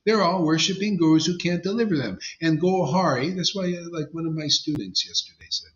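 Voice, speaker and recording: A man's voice: a little high, a little fast. A man, a spiritual teacher, giving an informal devotional sermon in a blunt, emphatic, conversational way. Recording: dull lo-fi sound.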